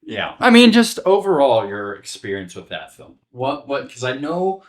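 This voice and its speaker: A man co-hosting a casual film podcast, laughing often and talking in halting restarts. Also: medium pitch, very animated. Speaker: podcast co-host and filmmaker. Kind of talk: casual chat. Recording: echoey room, distant mic.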